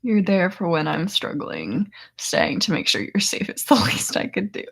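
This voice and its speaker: A young woman hosting a casual live chat, worn out after a seizure, speaking softly in half-whispers and laughing often. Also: lowish voice, sing-song, normal speed, gravelly, breathy edge.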